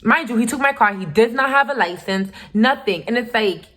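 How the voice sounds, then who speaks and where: A woman's voice: fairly high pitch, fairly quick, a bit bright. A young woman telling a story to her channel in a candid, profane and emphatic way. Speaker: vlogger. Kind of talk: casual storytime.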